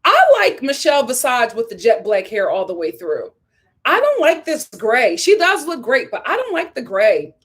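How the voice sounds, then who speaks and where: A woman hosting a casual live stream, reading viewer comments aloud and reacting with opinionated chatter, laughs and sudden high squeals of surprise. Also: big pitch swings, normal speed, fairly bright tone, slightly rough. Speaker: live stream host reviewing a reality show. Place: home in a hot city.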